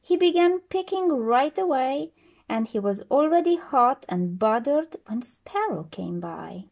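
A woman reading a children's story aloud in a slow, sing-song way. Her voice is high and rises and falls widely as she leans into each line. She takes her time. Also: very animated, creaky, darkish tone, muffled recording.

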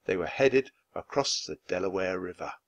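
A man reading a children's chapter book aloud clearly and expressively for language learners. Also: low-pitched, animated, normal speed, dry recording. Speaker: storybook reader.

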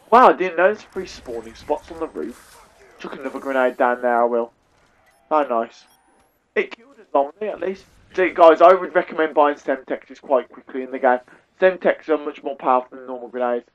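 A young man with an English accent giving chatty, self-deprecating live commentary over a headset mic while he plays a shooter. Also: on the high side. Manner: chatty, self-deprecating, talks to viewers as "guys". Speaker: gaming YouTuber.

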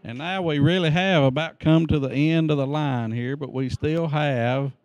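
Man, slightly high voice, folksy joking greeter, casual outdoor patter. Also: moderate pace, darkish tone, no echo. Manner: folksy, joking, friendly instructions. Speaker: greeter at the prom entrance.

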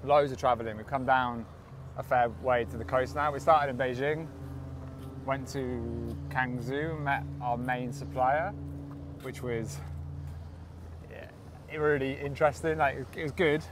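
A young man, chatting casually for a travel vlog in a relaxed, matter-of-fact way. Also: mid-range voice, measured pace, noisy background. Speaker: vlogger and online seller.

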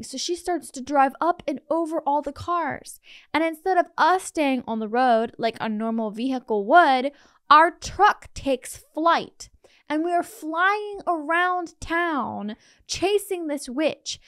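A woman's voice: high-pitched, a bit bright, no room sound, studio quality. A woman co-hosting a podcast, chatting casually and filling her speech with "like" as she tells a story. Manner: chatty, heavy use of "like". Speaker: podcast co-host. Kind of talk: casual chat, telling a dream story.

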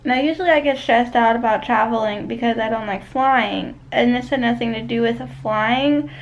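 A woman's voice: a little high, normal speed, a little hiss or hum, poor audio. A young woman vlogging casually to camera from a vacation condo, rambling with lots of fillers and restarts.

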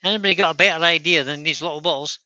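A man's voice: fairly high pitch, rapid-fire, sharp tone, dry recording, highs cut off. A Scottish man hosting a live stream while he works, chatting casually, thinking aloud and picking at his own work. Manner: thinks aloud, self-critical and easygoing. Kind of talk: casual chat while working.

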